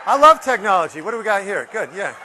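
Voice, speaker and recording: An American man delivers a motivational keynote to a live crowd. He jokes with the audience and talks straight to them. His voice sits high and rings bright. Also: big pitch swings, fast, a little hiss or hum. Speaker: motivational speaker.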